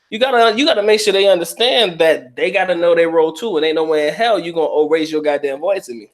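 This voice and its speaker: A middle-aged man talking loosely to his livestream audience, with a slightly high-set voice. His delivery is blunt and profane, full of street slang and quick laughter as he reacts to comments. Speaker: livestream host reading viewer comments. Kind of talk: casual livestream chat.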